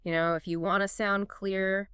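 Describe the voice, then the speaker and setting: Smooth-voiced woman podcast co-host. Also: mid-range voice, flat delivery, normal speed, fairly bright tone, no echo, clean studio sound. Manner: eager, explains with examples. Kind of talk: casual chat about pronunciation.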